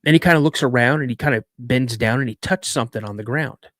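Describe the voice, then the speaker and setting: A man in his fifties tells a personal story on a live podcast, chatty and full of asides. His voice sits at a mid pitch. The sound is dry and close. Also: fast, fairly bright tone, no room sound. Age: 50s. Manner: conversational, frequent "you know". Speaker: guest storyteller.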